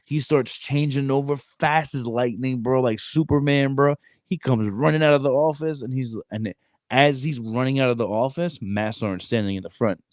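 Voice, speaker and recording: A man in his thirties co-hosting a podcast, telling a story in animated, slang-heavy casual chat. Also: mid-range voice, normal speed, no echo, clean studio sound. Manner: animated, streetwise slang, frequent "bro". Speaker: podcast co-host.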